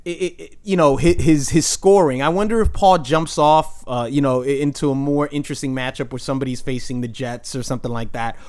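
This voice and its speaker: A man's voice: medium pitch, fairly even intonation, brisk, few pauses, a little mellow, smooth. A young man hosting a casual fantasy football recap, rambling with frequent restarts and crude jokes. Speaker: fantasy football league host. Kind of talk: casual trash-talking recap.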